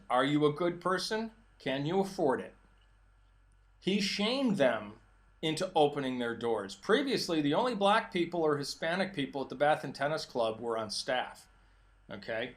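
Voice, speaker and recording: A man's voice: fairly high pitch, a bit bright. A man hosting his own political commentary show, talking solo in a sarcastic, mocking tone.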